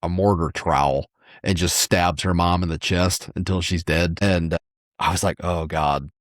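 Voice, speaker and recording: A man's voice: sits low, fairly even intonation, unhurried, dry recording, studio quality. A man in his thirties, a podcast co-host, telling a rambling story in casual chat.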